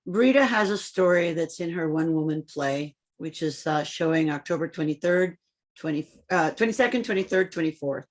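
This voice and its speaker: A woman podcast host introducing her guest in an earnest, measured way over a video call. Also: low-pitched, expressive. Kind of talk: conversational interview.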